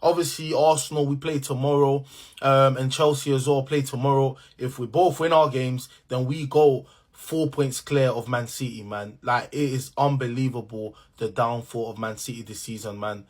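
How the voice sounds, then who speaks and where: A man's voice: mid-range voice, fairly even intonation, normal speed. A man giving a casual football reaction, slangy and full of fillers. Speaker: football fan commentator.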